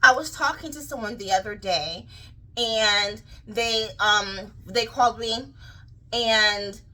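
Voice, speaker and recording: Bright girlish young woman ranting. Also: on the high side, slow pace, poor audio. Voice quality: childlike, girlish way of talking. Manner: rambling and animated, many fillers and restarts. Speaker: vlogger. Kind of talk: casual rant to camera.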